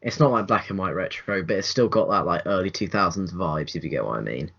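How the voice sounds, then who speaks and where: A young man co-hosting a casual film review podcast, rambling with restarts and lively put-on quotes. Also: sits low, fairly quick, creaky, slightly rough. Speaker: podcast co-host. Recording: dull lo-fi home recording.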